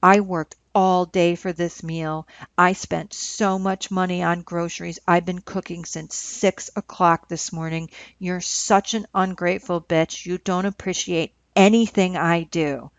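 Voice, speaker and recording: A woman voicing a volatile young man who shouts in rage and later stammers tearfully. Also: fairly low pitch, steady tone, a little slow, hardly any pauses, no room sound. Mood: raging. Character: volatile young man, angry then pleading. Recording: dull lo-fi recording.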